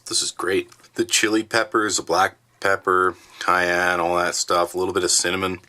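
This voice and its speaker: A man casually reviewing military rations in his basement, chatty and relaxed with plenty of fillers. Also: sits low. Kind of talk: casual food review vlog. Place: home basement.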